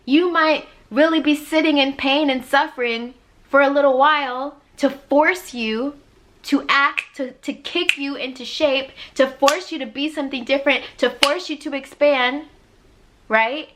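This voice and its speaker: A woman who works as a life coach and podcast host gives a motivational spiritual talk in a steady, slightly slow voice, with a little hiss or hum on the recording. She is emphatic and preachy, acting out God's voice with loud high swoops, and stays repetitive and conversational with frequent use of "like."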